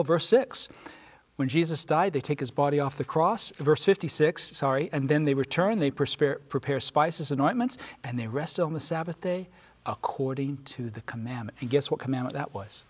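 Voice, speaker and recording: An earnest man with a voice pitched a little above the usual, teaching a Bible lesson in a preaching style. He reads scripture aloud with emphasis and asks his listeners questions. His delivery is steady and heartfelt. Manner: pauses for listeners' responses. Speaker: Sabbath School panelist.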